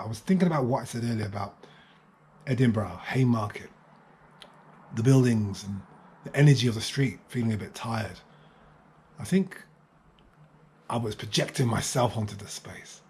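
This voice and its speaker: A man's voice: mid-range voice, vocal fry, a little mellow. Chatty man vlogging with music behind. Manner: musing, chatty, talks to himself. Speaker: travel vlogger. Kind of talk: casual vlog narration. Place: city streets and hotel room.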